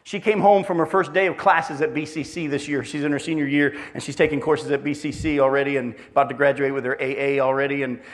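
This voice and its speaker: A man's voice: mid-range voice, level tone, quick pace, hardly any pauses. A middle-aged man preaching a sermon as pastor, telling family stories with self-deprecating humor.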